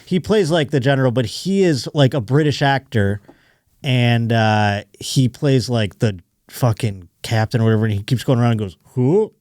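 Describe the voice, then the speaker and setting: A man's voice: mid-range voice, normal speed, darkish tone, dry recording, studio quality. Profane rambling male podcast host. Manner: rambling, profane, laughs often. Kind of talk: casual chat.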